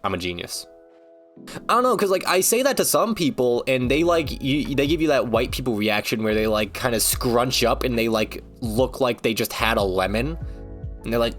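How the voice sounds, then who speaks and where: A man's voice: mid-range voice, lively intonation, normal speed, a bit bright, faint music behind. A man streaming, ranting casually in a rambling, joking, foul-mouthed way. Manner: rambling, profane, joking rants.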